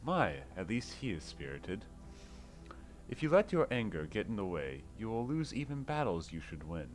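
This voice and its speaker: A man voicing a smug, calm villain lord. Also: fairly low pitch, moderate pace. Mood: condescending.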